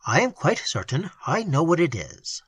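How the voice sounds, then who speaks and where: A narrator voicing a calm, authoritative male doctor who speaks quietly and with measured decision, in a classic storybook reading. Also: medium pitch, husky, no echo.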